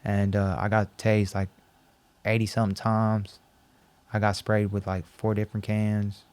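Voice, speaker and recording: A man as a podcast guest, recounting a personal story and acting out the dialogue in an animated, repetitive way. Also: on the low side, a little slow, clear, resonant tone. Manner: animated, acts out quoted dialogue, repeats himself.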